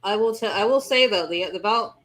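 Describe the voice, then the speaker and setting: Woman, casual stream chat, rambling, cusses, acts out voices, mid pitch. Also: a little fast, a bit bright. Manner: rambling, swears, acts out quotes with laughs. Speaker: webcomic co-creator streaming.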